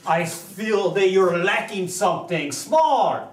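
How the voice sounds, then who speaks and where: A man's voice: high voice, expressive, pitched below the performer's own voice. A man playing a terse, tough old fighter in an improv comedy scene. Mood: gruff. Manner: slow and terse. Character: tough old male martial-arts fighter. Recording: echoey stage from far off.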